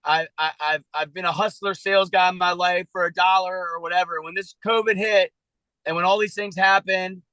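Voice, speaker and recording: A man with a high, bright and forceful voice talks haltingly on a video call, restarting his sentences often. He sounds earnest and emotional, close to tears. The sound is dry and close. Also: fairly even intonation, no room sound, low-quality recording. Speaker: citizen journalist being coached. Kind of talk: emotional personal talk on a coaching call.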